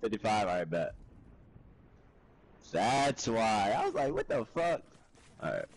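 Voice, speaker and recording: A man's voice: on the low side, big pitch swings, a little slow, rough recording. Foul-mouthed raging male gamer. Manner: swearing, frustrated, yelling in bursts. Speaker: gamer playing online matches. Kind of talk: live gaming commentary.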